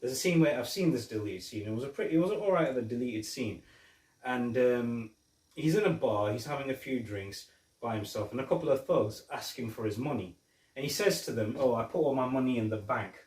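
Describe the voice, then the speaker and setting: A man's voice: mid-range voice, expressive, fairly quick, darkish tone. A man hosting a casual film review podcast, retelling scenes in a rambling way with restarts. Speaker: podcast host. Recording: roomy, mic at a distance.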